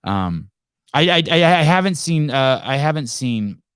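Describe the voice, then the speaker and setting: A man's voice: on the high side, sing-song, unhurried, a bit bright, smooth, dry recording, clean studio sound. A man hosting a live call-in podcast, telling a rambling, profane story in casual chat with many restarts and fillers. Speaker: podcast host.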